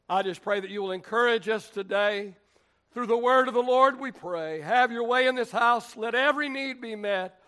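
Preaching a sermon in a church sanctuary, a male pastor whose voice sits high reads scripture and prays with deliberate emphasis. Now and then his voice swells into shouts.

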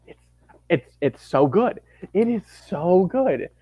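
A man talking as a podcast guest in casual chat, animated and gushing, acting out quotes. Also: sits high, slow, husky, no echo, narrow, tinny audio.

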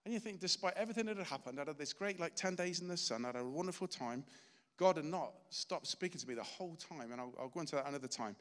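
A man's voice: on the high side, expressive, fast, a bit bright, big-room sound. A middle-aged man giving a sermon, telling a personal story in an earnest, chatty way. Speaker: preacher.

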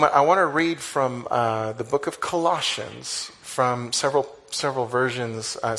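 A man preaching a conversational sermon, animated, with sudden exclamations. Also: medium pitch. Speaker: pastor.

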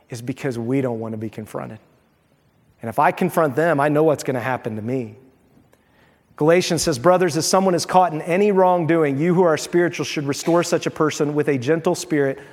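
A man with a high-pitched voice delivers a sermon as a pastor, moving between scripture reading and casual, joking stories. He talks to the congregation conversationally. His voice rings with a long reverb from a church hall. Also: brisk, darkish tone.

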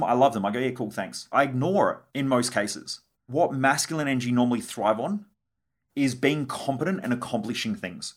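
Blunt young podcast host, quick and slightly husky, swears as he riffs. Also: mid-range voice, fairly bright tone. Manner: blunt, swears freely, acts out quoted conversations. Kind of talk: solo podcast monologue.

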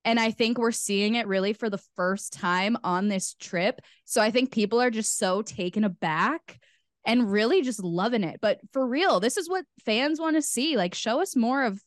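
A woman's voice: a little high, dry recording. Young female podcast co-host, enthusiastic casual chatter, dry studio sound. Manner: chatty, enthusiastic, laughs often. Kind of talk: casual chat.

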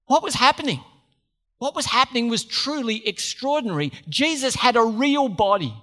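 Aussie preacher guy, high bright voice, jokey and chatty with the crowd. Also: normal speed. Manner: lively, conversational, joking asides to the congregation. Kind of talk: sermon.

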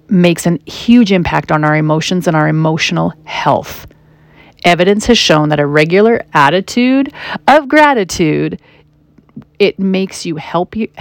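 Low-voiced woman giving a motivational talk. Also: no room sound. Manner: conversational, with animated quoted asides. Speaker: self-help speaker.

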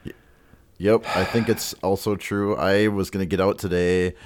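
A man co-hosting a fishing podcast in casual chat, easygoing and quick to laugh. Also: low voice, fairly even intonation. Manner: giggly, easygoing, laughs often. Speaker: podcast co-host.

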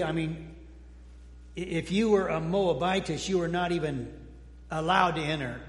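A pastor with a high, light man's voice delivers a folksy sermon in a church. He restarts his sentences, trades jokes with the listeners and sinks into hushed tones. The sound rings around a large, reverberant hall. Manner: folksy and joking, with frequent restarts and sudden quiet drops. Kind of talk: conversational sermon. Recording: echoey hall with long reverb.

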